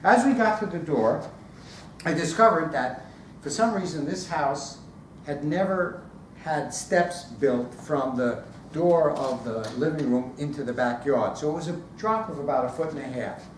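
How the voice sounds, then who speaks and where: At a speaking club, a man with a fairly high voice tells a story without hurrying, animatedly acting out scenes with sound effects. He's recorded from far off in an echoey room, with slight background noise.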